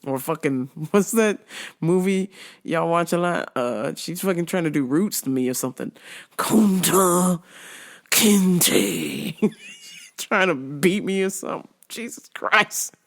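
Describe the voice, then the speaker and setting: A woman's voice: low-pitched, normal speed. A woman telling blunt, profane work stories on her show, laughing often. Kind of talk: casual storytelling rant.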